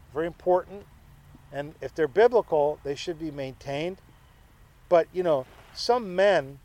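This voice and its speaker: A man's voice: a little high, a little mellow. A male pastor preaching a sermon in a conversational way, with joking asides to his congregation.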